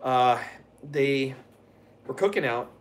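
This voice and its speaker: A man's voice: medium pitch, takes it slowly. A man hosting a live stream, chatting casually and telling stories in a rambling, profane way, laughing often. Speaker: live streamer answering chat.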